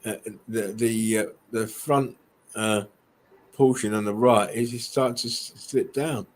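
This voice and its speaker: A man's voice: lowish voice, fairly even intonation, unhurried, a little hiss or hum, poor audio. An English man in casual livestream chat, rambling with plenty of swearing, stumbling restarts and laughs. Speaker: guest showing buildings on a live stream.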